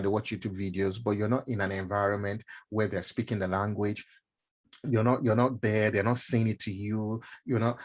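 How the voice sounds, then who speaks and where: A middle-aged man from Nigeria giving a casual mentorship talk, chatty and full of fillers and repeated words. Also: fairly low pitch. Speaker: mentorship speaker. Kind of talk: casual talk to a live stream audience.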